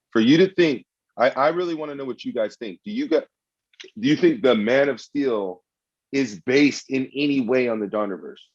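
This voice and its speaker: A man arguing heatedly and swearing freely in a comedic podcast debate. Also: medium pitch. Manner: loud, argumentative, swears a lot. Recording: dull lo-fi sound.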